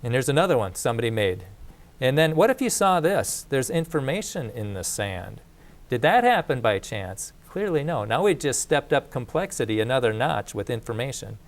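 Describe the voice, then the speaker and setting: A man gives a casual lecture to a class in a plain, conversational way. His voice sits at a mid pitch, and he often restarts phrases and adds asides as he explains. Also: big pitch swings, moderate pace. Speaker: teacher of a creation course.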